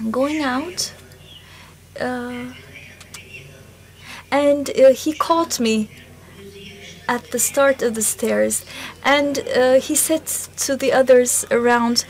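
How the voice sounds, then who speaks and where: A woman speaking at a symposium in a concert hall, slowly and haltingly recalling a spiritual encounter in the first person. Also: high voice, slight background noise. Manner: slow, halting storytelling with pauses.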